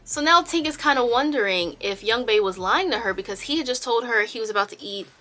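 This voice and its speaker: A woman YouTuber telling a storytime in a chatty, animated way, with a bright and slightly higher voice. She talks casually and keeps the tale moving. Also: brisk. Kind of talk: storytime narration.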